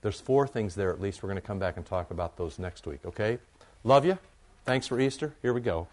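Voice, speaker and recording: Lower-voiced man preaching a conversational sermon. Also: lively intonation, a little fast, darkish tone. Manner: conversational, emphatic, with asides to the congregation. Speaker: pastor.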